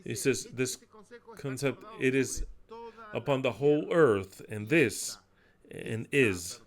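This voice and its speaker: A man preaching a sermon, declaiming scripture loudly and dropping into quiet asides. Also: medium pitch, slow. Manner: emphatic, swings between loud declaiming and quiet asides.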